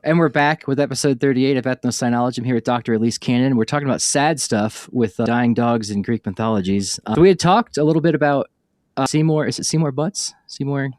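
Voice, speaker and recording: A man's voice: mid-range voice, fast talker, darkish tone, no echo, studio quality. A man hosting a podcast, talking in a loose, rambling way full of fillers and restarts. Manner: rambling, filler-heavy, self-correcting. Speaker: podcast host. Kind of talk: casual conversational interview.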